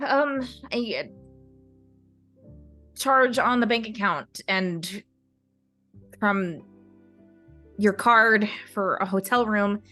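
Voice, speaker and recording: A woman voicing an anxious middle-aged mother with a high-pitched voice in a tabletop game. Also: drawn-out words, long pauses, pushed and bright, soft background music. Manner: anxious, questioning.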